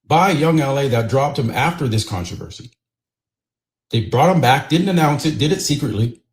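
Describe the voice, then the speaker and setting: A man's voice: mid-range voice, a little mellow. A man commenting in an online video, speaking in an indignant, emphatic way. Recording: roomy echo.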